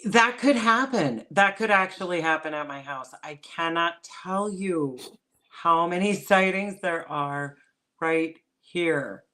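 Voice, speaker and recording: A woman's voice: lowish voice, slow pace, sharp tone. Woman, from northern Minnesota, chatty storyteller, laughs a lot, casual podcast talk. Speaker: podcast co-host.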